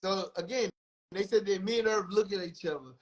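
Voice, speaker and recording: A man's voice: high voice, a little fast, rough recording. A man in the music business telling a candid, profane story as a podcast guest, acting out other people's lines.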